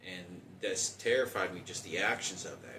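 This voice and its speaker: A man in his forties talking in a halting, rambling personal monologue with many restarts. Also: low-pitched, roomy sound, distant mic, background noise. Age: 40s.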